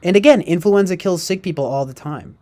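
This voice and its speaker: A man's voice: sits high, fairly quick, dark tone. A man ranting casually, rambling and profane, with heavy fillers. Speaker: streamer. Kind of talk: casual rant.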